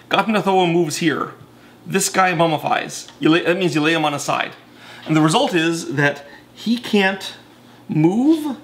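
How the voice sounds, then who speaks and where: A man's voice: fairly high pitch, fairly bright tone. A man casually explaining board game rules in a chatty, self-correcting way with many fillers.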